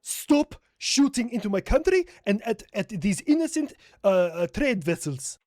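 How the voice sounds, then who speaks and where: A man's voice: sits high, big pitch swings, unhurried, darkish tone, no echo, studio quality. A man voicing an indignant, aggrieved nation character who accuses others in a comedy war skit.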